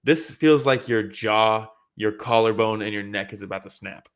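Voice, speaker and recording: A man co-hosting a casual fight breakdown podcast, talking excitedly, laughing often and acting out what fighters said. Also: fairly low pitch, normal speed, clear, resonant tone. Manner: excited, laughing, acts out quotes, swears casually. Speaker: podcast co-host.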